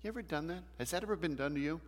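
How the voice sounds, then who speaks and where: A man's voice: fairly high pitch, rapid-fire. A man teaching a church Bible class in a conversational way, asking the class questions as he goes. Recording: long hall reverb.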